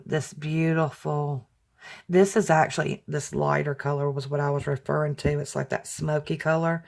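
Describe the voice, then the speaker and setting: A woman vlogger chatting warmly to her viewers as she opens handmade gifts, gushing and tender as she talks straight to them. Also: low voice, creaky. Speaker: crafting vlogger opening fan mail. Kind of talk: casual chat to camera.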